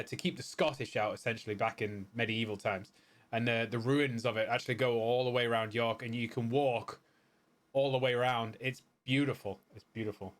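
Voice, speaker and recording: A man's voice: mid-range voice, fairly bright tone. A man giving casual, rambling gameplay commentary with many fillers and restarts. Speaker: gaming video host.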